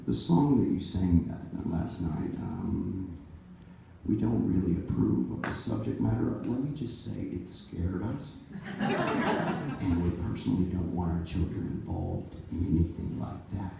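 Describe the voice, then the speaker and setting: A man voicing a stiff, formal, middle-aged father who disapproves, speaking slowly and primly. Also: low-pitched, vocal fry, voice pushed down, exaggerated voice. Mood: prim, disapproving. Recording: echoey venue, distant mic, audience noise.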